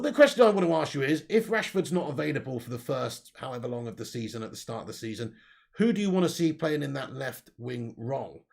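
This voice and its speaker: A young man with a gravelly, slightly high voice chats through a football livestream. He talks bluntly and swears a lot, addresses his viewers directly and reads out comments from the live chat. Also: a little mellow. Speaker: football channel livestream host.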